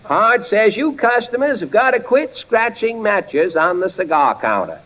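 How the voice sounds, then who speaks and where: A man's voice: high voice, big pitch swings, pushed and bright. A man hosting a 1930s radio comedy show, cracking dry jokes in a drawling patter. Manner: dry wisecracking delivery, slow and drawling. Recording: dull 1930s radio broadcast with faint hiss.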